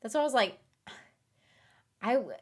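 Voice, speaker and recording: A woman's voice: fairly high pitch, animated, moderate pace. Giggly, rambling woman in her thirties. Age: 30s. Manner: giggly and rambling, often laughing and trailing off. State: tired. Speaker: streamer. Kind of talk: casual late-night chat with viewers.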